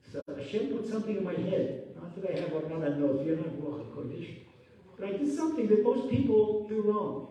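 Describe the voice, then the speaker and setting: A male rabbi giving an animated Torah class sermon, telling stories and acting out the voices of the people in them. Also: sits high, a little fast, highs cut off. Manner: animated storytelling, acting out quotes, sudden loud bursts. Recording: echoey hall from far off.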